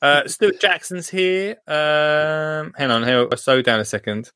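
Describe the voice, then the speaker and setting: A man's voice: a little high, unhurried, bright, forceful tone, clean tone, no echo, studio quality. A British man hosting a live gardening stream, chatting casually, joking and laughing as he reads out viewer comments. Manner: jokey, laughs often, reads comments aloud. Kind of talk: casual chat.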